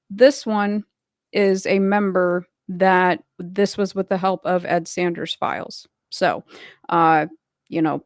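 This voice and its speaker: A woman's voice: lowish voice, dry recording, clean studio sound. Chatty woman hosting a livestream. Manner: rambling, many fillers, greets chat viewers. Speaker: livestream host. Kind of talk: casual livestream talk.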